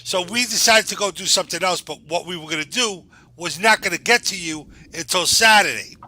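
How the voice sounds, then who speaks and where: A man, joining a live stream as a guest and telling a story in an animated, jokey way. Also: high-pitched, a little fast. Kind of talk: casual live-stream chat.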